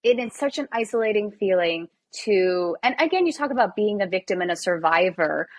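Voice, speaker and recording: A woman's voice: mid-range voice, lively intonation, a little fast, no echo. A woman in her thirties hosting a podcast, empathetic and emphatic, talking in bursts with restarts. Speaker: podcast host. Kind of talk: interview conversation.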